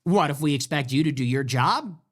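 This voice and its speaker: A man delivers a political commentary monologue full of sarcastic mockery and crude jabs. His voice sits high for a man. It leaps up and down as he rants. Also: lively intonation, moderate pace. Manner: sarcastic and mocking, with crude insults. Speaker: political commentary show host.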